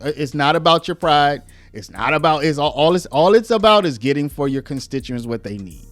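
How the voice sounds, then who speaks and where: A man's voice: a little high, a little fast, dry recording, faint music behind. A man hosting a casual commentary video, talking to viewers and acting out quoted speech in a raised voice. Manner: lively, conversational, uses "y'all", acts out quotes in raised voice.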